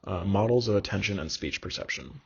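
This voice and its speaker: Gravelly man giving a halting lecture. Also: deep voice, animated. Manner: halting, many fillers and restarts. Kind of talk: recorded online lecture. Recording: dull lo-fi recording.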